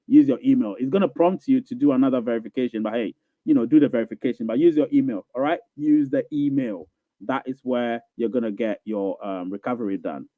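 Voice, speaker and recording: A man's voice: mid-range voice, no room sound. A man hosting a live question-and-answer stream, reading viewer comments and answering in an emphatic, repetitive way, often asking if listeners follow him. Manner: emphatic, repeats phrases, asks "you get what I'm saying?". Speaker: live Q&A show host. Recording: thin phone-like audio.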